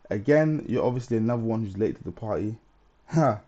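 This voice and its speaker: A man's voice: on the low side, lively intonation, brisk, mellow, highs cut off. A man hosting a live stream, chatting casually and reading out viewer comments in a rambling way.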